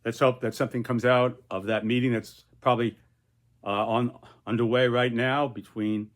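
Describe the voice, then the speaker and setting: A man's voice: mid-range voice, level tone, normal speed. An older man who is a political cartoonist, talking through his cartoon in a rambling, casual way with many repeated restarts. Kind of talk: casual video commentary.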